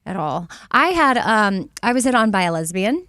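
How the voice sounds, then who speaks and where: A woman's voice: mid-range voice, very animated, moderate pace, fairly bright tone, no echo. Woman co-host on a radio show, teasing tone, mid voice, dry sound. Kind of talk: casual chat.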